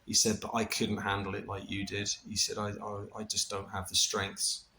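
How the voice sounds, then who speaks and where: A middle-aged man casually recounting a personal experience, animated and full of restarts, with laughter and the odd swear. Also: on the low side, moderate pace, slight background noise. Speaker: vlogger recounting a ceremony experience.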